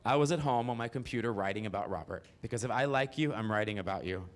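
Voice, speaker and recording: A man from Mississippi in his 40s talks fast in a fairly low voice, doing stand-up built around his own life story. He performs solo, frank and profane, with remarks thrown to the crowd.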